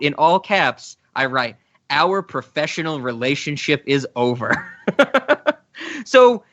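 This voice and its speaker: Bright-voiced man co-hosting a podcast. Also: on the high side. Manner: laughs often, rambling asides. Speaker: podcast co-host. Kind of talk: casual podcast chat.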